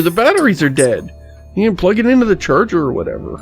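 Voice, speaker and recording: Wry male game co-host, mocking asides, fairly high voice. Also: very animated, fast, soft background music. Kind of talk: casual let's-play commentary.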